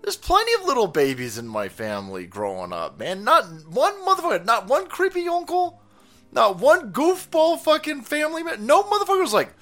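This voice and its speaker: A man hosting a commentary channel, foul-mouthed and rambling, mocking as he swings from loud outbursts to mutters. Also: very high-pitched, huge pitch swings, moderate pace, soft background music. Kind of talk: profane comedic commentary.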